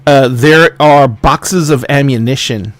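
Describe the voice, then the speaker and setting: A man narrating as game master, describing a scene with casual, halting wording. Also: mid-range voice, no room sound.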